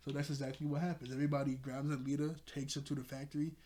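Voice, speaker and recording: A man's voice: medium pitch, level tone, very fast, mellow, a little hiss or hum. Laughing, rambling man recapping an episode. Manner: rambling, laughs often, self-correcting. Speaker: show reviewer.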